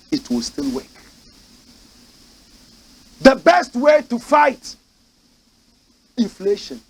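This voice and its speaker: A man with a Ghanaian English accent, a host delivering impassioned political commentary in a studio, swinging between shouting and low muttering. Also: gravelly, breathy edge, low-quality recording. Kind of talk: impassioned talk-show commentary.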